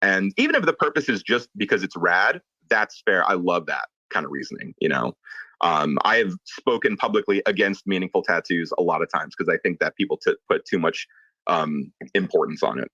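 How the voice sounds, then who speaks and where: Man, low and bright, chatty tattoo-artist storyteller, dry lo-fi audio. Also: brisk, slightly rough, no echo. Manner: storytelling, animated, swears casually. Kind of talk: casual chat.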